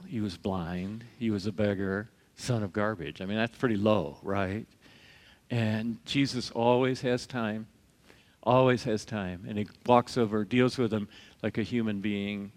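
A man's voice: fairly low pitch, steady tone, unhurried. Man preaching in a reverberant hall. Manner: conversational, acts out quoted voices, chuckles. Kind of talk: sermon. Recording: long reverb of a large hall.

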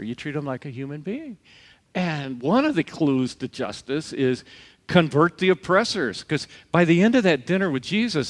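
Man preaching in a reverberant hall. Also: on the high side. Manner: conversational, acts out quoted voices, chuckles. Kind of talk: sermon. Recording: long reverb of a large hall.

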